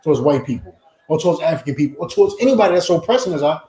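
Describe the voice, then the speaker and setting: Forceful preaching man in an echoey room. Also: a little high, expressive, racing. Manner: blunt, forceful, repetitive questioning. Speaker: Hebrew Israelite teacher. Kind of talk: confrontational preaching lesson.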